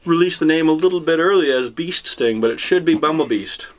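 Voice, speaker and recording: A man hosting a casual whiskey tasting, joking around and reading tasting notes slowly. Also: on the high side. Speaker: show host.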